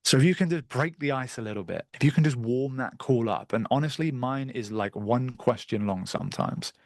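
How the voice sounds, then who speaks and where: A man teaching a live online sales masterclass over a video call, direct and brisk, with the odd bit of crude slang. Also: mid-range voice, dry recording. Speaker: sales trainer.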